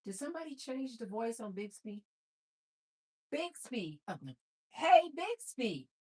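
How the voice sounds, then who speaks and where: Hosting a casual cooking livestream, this woman speaks at normal speed in a voice on the high side with a breathy edge. She's an animated storyteller who talks straight to her viewers, calling them "you guys."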